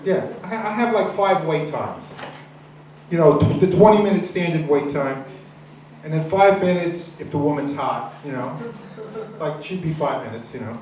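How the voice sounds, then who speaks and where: A man's voice: on the high side, moderate pace, a little hiss or hum. Rambling foul-mouthed man on a far-off, echoey mic. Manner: rambling, crude, deadpan storytelling with many restarts. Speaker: stand-up comedian. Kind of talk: stand-up set at an open mic.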